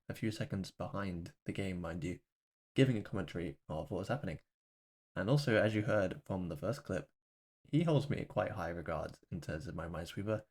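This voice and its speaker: A man doing voice-over commentary on his own game match, candid and self-deprecating as he walks through his mistakes. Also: sits low. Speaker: gaming video host.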